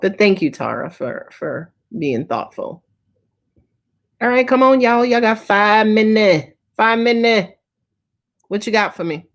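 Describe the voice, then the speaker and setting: A woman's voice: mid-range voice, animated, a little slow. Slangy, tired tarot reader woman. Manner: casual, slangy and profane. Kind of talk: live-stream Q&A reading.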